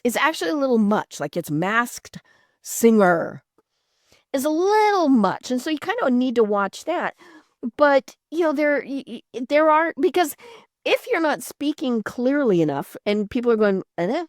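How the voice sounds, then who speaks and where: A woman's voice: sits high, sing-song, normal speed, no room sound, clean studio sound. A woman hosting a podcast, chatting casually with frequent fillers, restarts and laughs. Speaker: podcast host. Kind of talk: casual interview chat.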